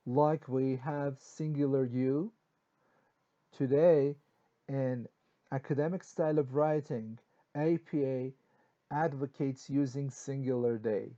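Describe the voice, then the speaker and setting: Mellow-voiced man teaching grammar. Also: mid-range voice, highs cut off. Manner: explains in short bursts with many okays and uh fillers. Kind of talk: classroom grammar lesson.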